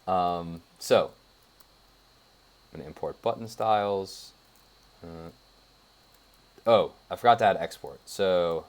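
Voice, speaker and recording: Low-voiced young dude explaining his code, lots of um and like, typing in the background. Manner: rambling, thinks aloud with many fillers. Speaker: web developer. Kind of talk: casual screencast coding tutorial.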